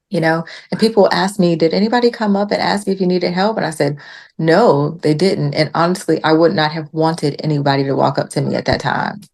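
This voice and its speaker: A woman guest on a podcast, telling a story in casual chat and acting out the quotes with lively jumps in her voice. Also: deep voice, normal speed, vocal fry. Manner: animated retelling with acted-out quotes.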